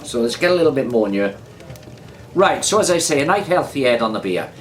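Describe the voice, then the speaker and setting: A man's voice: medium pitch, lively intonation, a little fast, soft background music. A Welsh man hosting a casual beer review vlog, chatty and rambling, repeating himself and drifting into anecdotes. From Wales.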